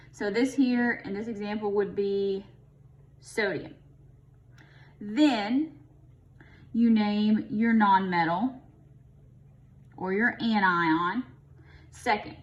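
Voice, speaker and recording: A woman teaching a recorded chemistry lesson at an unhurried pace, her voice in a middle pitch. She explains step by step in a casual, chatty way, thinking aloud and joking lightly as she goes. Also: muffled recording.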